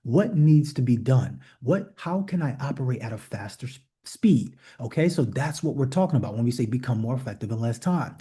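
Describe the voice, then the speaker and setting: A coach with a dark, mid-range voice leads a leadership call online, giving motivational teaching to a group. He's blunt and emphatic, repeating rhetorical questions and issuing direct commands.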